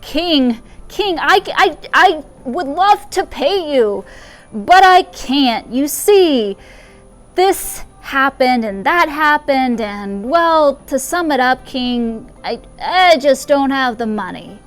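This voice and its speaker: A woman's voice: sits high, animated, takes it slowly, faint music behind. A woman voicing a desperate male debtor who stammers and pleads with a king, told in a sermon parable. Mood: pleading.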